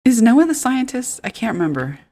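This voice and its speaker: A woman's voice: a little high, sing-song, brisk, mellow. A woman streamer chatting casually while playing a farming game, giggling and thinking aloud. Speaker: gaming streamer. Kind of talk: casual let's play commentary.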